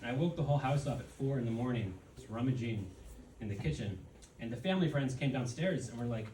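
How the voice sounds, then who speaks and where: A man's voice: mid-range voice, expressive, fast, dark tone. A young man from the United States doing a stand-up comedy set, hesitant with many fillers and chuckling at his own jokes. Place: comedy venue with live audience. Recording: echoey room, distant mic, noisy.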